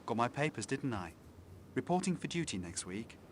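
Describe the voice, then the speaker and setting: A man's voice: mid-range voice, big pitch swings, moderate pace, slight background noise, lightly acted. An actor voicing a superstitious local man with folksy, rustic grammar, spinning a ghost tale. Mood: storytelling. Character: superstitious local man, a hotel worker telling ghost tales. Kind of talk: video game voice acting.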